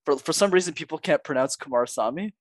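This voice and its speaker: Lively young man, upbeat and laughing. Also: on the high side, quick pace. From Montreal, Canada. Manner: upbeat, laughs often, acts out quoted voices. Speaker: guest, public speaking coach. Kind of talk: casual podcast interview.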